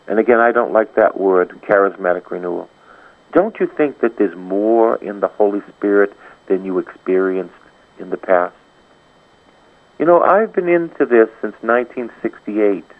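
A man preaching a charismatic sermon, repeating phrases with surging rises and hushed drops. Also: lowish voice, gravelly. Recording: tinny phone-like radio broadcast.

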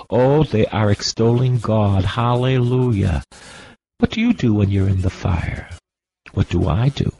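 A man's voice: fairly low pitch, vocal fry, dark tone, a little hiss or hum, poor audio. A man preaching a sermon with an impassioned, repetitive cadence, drawing out his words.

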